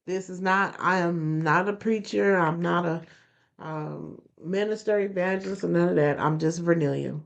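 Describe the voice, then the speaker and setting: A woman's voice: lowish voice, normal speed, creaky. Earnest woman, repeating her points. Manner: earnest, repeats phrases for emphasis. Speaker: podcast host. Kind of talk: motivational podcast talk. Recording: dull lo-fi recording.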